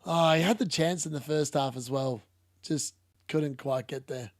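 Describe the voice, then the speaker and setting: A man's voice: fairly high pitch, measured pace, dry recording, studio quality. A young man streaming a live football watchalong, chatting casually, laughing and reading out chat. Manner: casual, chatty, laughs often, uses "mate".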